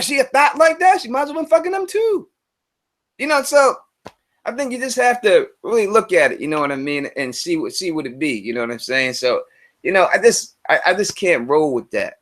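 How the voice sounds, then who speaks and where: A man with a very high voice hosts a casual live stream, speaking loosely in slang and repeating himself. His volume swings back and forth between loud and quiet.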